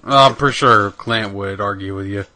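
A man's voice: fairly low pitch, normal speed, bright, forceful tone. A young man rambling casually about video games on a podcast, with lots of fillers and swearing. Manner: rambling, profane, many fillers. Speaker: podcast co-host. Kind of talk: casual gaming chat.

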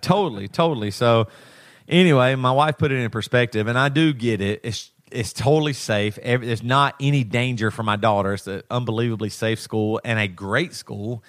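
A man's voice: mid-range voice, moderate pace, dry recording, clean studio sound. A man in his thirties, a podcast co-host, telling a personal story in a rambling, emotional way with many restarts. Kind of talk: casual chat.

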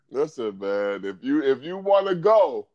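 A man hosting a casual podcast, animated and quick to laugh, his voice jumping high when he gets excited. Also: no room sound, highs cut off. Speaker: podcast host.

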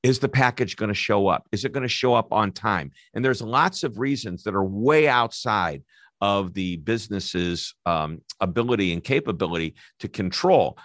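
A man's voice: lowish voice, expressive, moderate pace, a bit bright, no room sound, studio quality. A man hosting a business interview podcast, upbeat and chatty, who sometimes stumbles over his words. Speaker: podcast host.

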